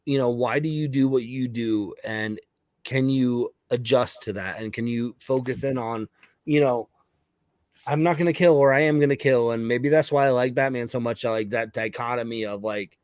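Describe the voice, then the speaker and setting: A man's voice: mid-range voice, fairly even intonation, darkish tone, no echo. A man talking casually and enthusiastically about a comic book, often restarting his sentences. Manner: rambling, enthusiastic, halting restarts.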